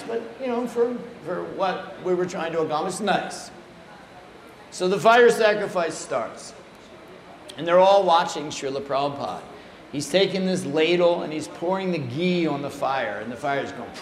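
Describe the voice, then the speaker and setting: A man telling humorous anecdotes at a temple talk in an animated, playful way. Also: on the high side, measured pace. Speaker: speaker at a temple. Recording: echoey room, faint noise.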